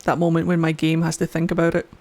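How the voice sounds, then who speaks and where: A woman's voice: sits low, completely flat delivery, fast, a little mellow. A woman streamer giving rowdy, gushing commentary as she plays a game. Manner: rowdy, gushing, cheering at the screen. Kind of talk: excited let's play commentary.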